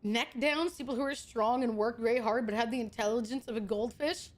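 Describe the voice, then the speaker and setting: A woman streamer chatting casually with her viewers, excitable and swearing a lot, with loud outbursts. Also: on the high side, brisk. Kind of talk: casual live-stream chat.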